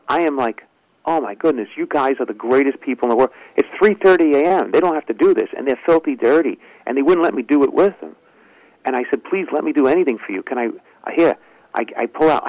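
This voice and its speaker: A man with a medium-pitched voice, recorded with lo-fi sound and no echo, is a ventriloquist and comedian. He tells a long, lively story in an interview, acting out the lines spoken by the people in it.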